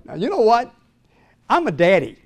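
Older man preaching, high voice. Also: wildly swooping pitch, moderate pace. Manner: dramatic preaching, swinging from loud to hushed; asks the congregation questions. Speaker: pastor. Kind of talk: sermon.

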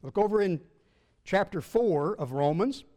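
A Baptist pastor teaching scripture to his church. His voice sits high for a man, and he takes his time. He leans hard on key words and stretches out the verses he reads. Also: lively intonation, mellow, long reverb tail. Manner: measured, emphatic, slows and rises when reading scripture. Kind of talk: Bible teaching to a congregation.

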